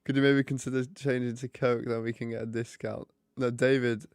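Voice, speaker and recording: A man's voice: mid-range voice, flat delivery, a little fast, clear, resonant tone, no echo. Chatty man, dry close sound. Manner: chatty, joking. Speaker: streamer hosting a hockey watch party. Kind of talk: casual live commentary and chat.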